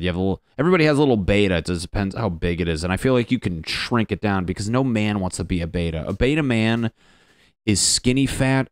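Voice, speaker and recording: A man from Connecticut rambles through a solo comedy podcast with a deep, low voice. He swears freely and mocks himself as he riffs. The sound is dry and close. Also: clean tone, dry recording. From Connecticut, USA. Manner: profane, self-mocking, riffing. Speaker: podcast host.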